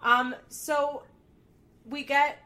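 Bright-voiced woman in casual chat. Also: high-pitched, extremely slow. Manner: candid and animated, swears freely. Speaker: podcast co-host. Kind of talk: casual chat recapping a reality show.

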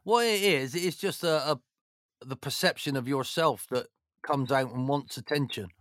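Animated man, lively rambling talk. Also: mid-range voice, moderate pace, no echo, clean studio sound. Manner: animated, rambling, jokey, many "you know"s. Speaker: former football manager, interview guest. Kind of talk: casual storytelling chat.

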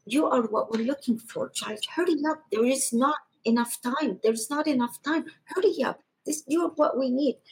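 A woman's voice: a little high, moderate pace, hardly any pauses, husky, pitched above the performer's own voice, rough recording. A woman voicing an urgent old holy man. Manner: urgent, pleading repetition. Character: kind elderly male church patriarch, urgent.

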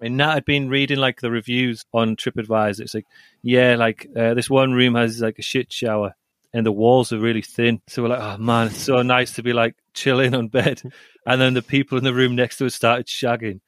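Smooth and a bit bright, this medium-pitched male voice stays fairly level in pitch at a normal speed, with no room sound. He's a young podcast co-host telling a meandering travel story, laughing along and leaning heavily on "like."

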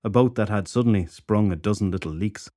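A man narrating a fantasy novel audiobook in a steady, even storytelling manner. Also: fairly low pitch, brisk, no room sound, clean studio sound.

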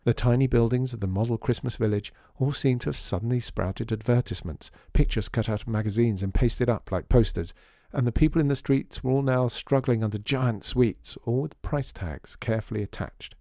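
A man reading a story aloud in a measured, calm way. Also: mid-range voice, no room sound, clean studio sound. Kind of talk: scripted narration.

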